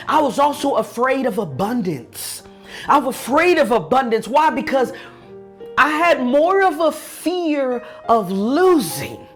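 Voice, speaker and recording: A man with an extremely high, fairly bright voice gives an earnest motivational talk in a preaching tone. He addresses his listeners directly, repeating and restarting words as he goes.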